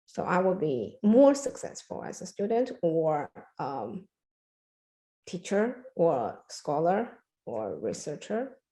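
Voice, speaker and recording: A woman's voice: fairly low pitch, dark tone, roomy sound, rough recording. A woman speaking thoughtfully and hesitantly in an interview. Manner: slow, hesitant, many fillers.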